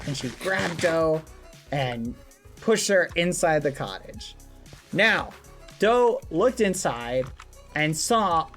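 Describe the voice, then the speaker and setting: A man's voice: on the high side, fairly bright tone. A male streamer telling a rambling, playful story to his live chat, full of fillers and asides.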